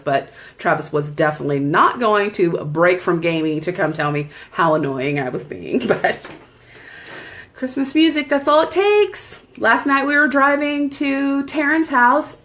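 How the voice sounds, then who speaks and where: A woman's voice: on the low side, a bit bright. A woman at home chatting casually while doing her makeup in front of a camera, rambling and laughing often. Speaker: makeup vlogger and seller. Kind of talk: casual tutorial chat.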